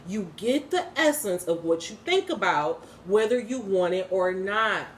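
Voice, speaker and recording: A woman gives a casual, emphatic inspirational talk, slangy and full of swearing. Her voice sits at a medium pitch. A faint hiss of noise runs behind her. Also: animated, unhurried, echoey room. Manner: emphatic, slangy, swears freely, laughs often. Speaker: spiritual vlogger and host.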